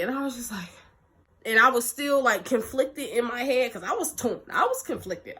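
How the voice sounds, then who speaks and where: A young woman vlogger telling a story in a lively, animated way, acting out quotes and laughing often. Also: high-pitched, moderate pace. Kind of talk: storytime vlog.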